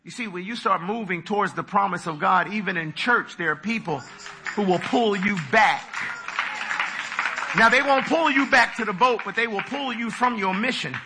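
A man preaching a sermon with dramatic delivery, acting out voices with big leaps in pitch. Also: normal speed, bright, forceful tone, soft background music.

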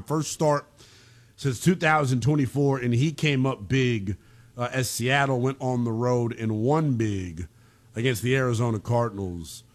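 A man co-hosting a casual football talk show, animated and joking between game recaps. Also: mid-range voice. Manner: animated, bouncing between hype and jokes. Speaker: sports show co-host.

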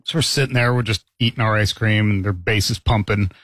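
A man's voice: lowish voice, steady tone, fairly quick, a bit bright, dry recording. A middle-aged man hosting a morning radio show, telling stories and laughing as he talks. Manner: storytelling, laughing often.

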